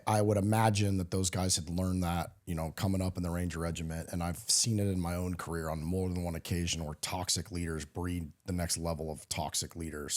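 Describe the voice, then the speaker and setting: A man's voice: deep voice, darkish tone. A man hosting a podcast, asking long, searching questions full of fillers. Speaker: podcast host. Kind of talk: casual interview questions.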